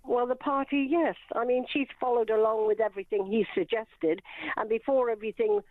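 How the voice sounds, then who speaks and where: A woman's voice: on the high side, steady tone, fairly quick, no room sound. A woman calling in to a radio show, hesitant and apologetic, with lots of ums. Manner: hesitant, apologetic, many fillers. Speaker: caller. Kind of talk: phone-in call. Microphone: telephone. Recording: tinny phone line.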